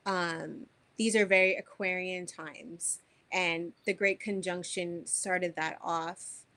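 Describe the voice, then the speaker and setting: A woman speaks slowly and unhurriedly, with a somewhat low voice. As a wellness teacher she gives a spiritual forecast in an earnest, reflective way, often pausing to gather her thoughts. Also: steady tone, bright, forceful tone. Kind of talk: unscripted spiritual talk to camera.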